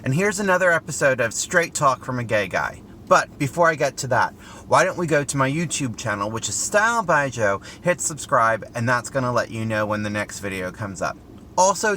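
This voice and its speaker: A man's voice: mid-range voice, a little hiss or hum. A middle-aged man vlogging from a parked car, telling a story in an earnest, chatty way. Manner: chatty, earnest, lively with rhetorical questions. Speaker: style vlogger. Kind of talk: casual storytelling commentary. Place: inside a parked car outside a store.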